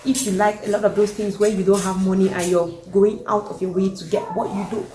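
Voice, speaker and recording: A woman giving her opinions in a casual reaction vlog, animated and emphatic. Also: mid-range voice, brisk. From Cameroon. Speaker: vlogger reacting to a video. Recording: echoey room.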